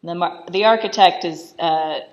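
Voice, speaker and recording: A woman's voice: lowish voice, normal speed, dull audio. A woman giving casual film commentary, retelling scenes in a chatty way.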